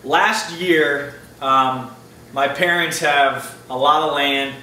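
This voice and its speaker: In this laid-back Q&A vlog, a man fields viewer questions about his aquarium, sounding chatty, upbeat and informal. His medium-pitched voice is bright and forceful, and he takes his time. The distant mic picks up a roomy echo and a little background noise.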